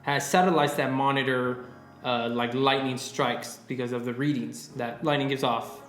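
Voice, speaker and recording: A man's voice: mid-range voice, fairly even intonation, moderate pace, a bit bright, a little hiss or hum. A man in his twenties co-hosting a podcast in casual chat, rambling with lots of swearing and fillers. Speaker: podcast co-host. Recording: roomy, faint music.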